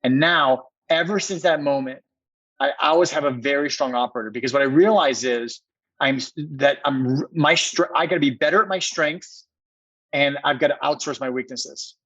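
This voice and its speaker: Recorded with dull audio, a Minneapolis, USA, man in middle age speaks at a moderate pace with a higher, fairly bright voice. He's a podcast guest telling a personal story, earnest and emphatic, with many restarted sentences.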